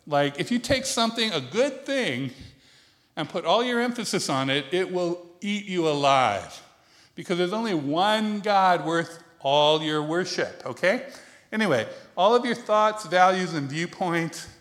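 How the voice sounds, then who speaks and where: A man's voice: sits high, fairly bright tone. A man giving a conversational sermon to a congregation, chatty and self-deprecating, laughing often and asking the room questions. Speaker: preacher.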